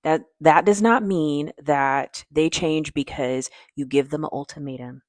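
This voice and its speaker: A woman therapist speaks to camera with direct, emphatic advice, frequently checking in with "okay?" in a casual way. Her low, darkish voice is unhurried, and the recording is clean studio sound with no echo.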